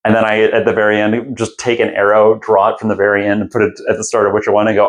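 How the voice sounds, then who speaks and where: A man hosting a casual podcast, telling stories in a rambling, animated way with quick asides. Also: fairly low pitch. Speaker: podcast host giving a lecture. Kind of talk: casual chat.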